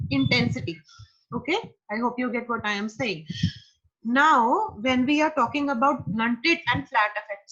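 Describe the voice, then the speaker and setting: Woman lecturing, husky voice. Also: on the high side, a bit bright, highs cut off. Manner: explanatory, repeats key terms, mixes in Hindi phrases. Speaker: psychology lecturer. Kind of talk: online lecture.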